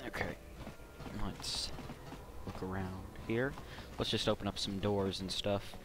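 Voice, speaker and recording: A man's voice: deep voice, little pitch movement, a little slow. A young man casually commenting on a role-playing game as he plays, joking and muttering through menus. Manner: chatty, joking, mutters menu choices. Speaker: let's play gamer. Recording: voice over loud game music.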